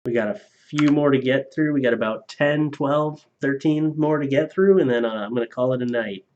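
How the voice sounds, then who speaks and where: Male streamer reading donations, casual and crude, mid-pitched, slightly muffled stream audio. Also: a little fast, darkish tone. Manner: loose and profane, laughing at his own jokes. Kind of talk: casual live-stream chat.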